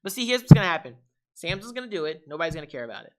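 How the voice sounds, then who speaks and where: A young man hosting a casual tech podcast, animated and laughing, acting out voices of gadgets. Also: on the high side, very fast. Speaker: podcast host.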